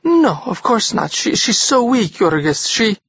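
A reader voicing a hushed anxious older woman. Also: mid-range voice, big pitch swings, unhurried, husky, no room sound, lo-fi sound, pitched above the performer's own voice, full character voice. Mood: flustered. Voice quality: hushed, breathless. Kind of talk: audiobook character reading.

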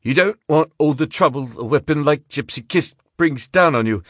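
Guy doing a high, loud gambler in a story, taunting and threatening. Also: expressive, normal speed, no echo, studio quality. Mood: pleading. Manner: taunting, then shaky and pleading. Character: menacing male gambler, armed and threatening.

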